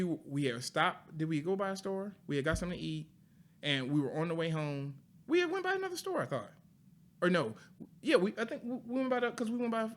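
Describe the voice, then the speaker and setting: Guy telling a story, acts out the quotes, really lively pitch, bright voice. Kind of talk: casual chat.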